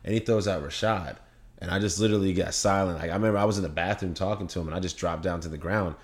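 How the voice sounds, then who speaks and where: A man's voice: low voice, fast. A young man, a podcast guest, telling a personal story in an open, reflective way during a casual conversation.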